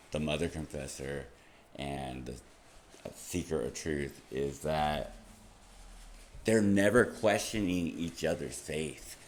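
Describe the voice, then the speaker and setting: A man's voice: low-pitched, a little mellow, slight background noise. A young man talking to camera in a rambling, casual monologue, laughing often and swearing freely. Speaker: vlogger.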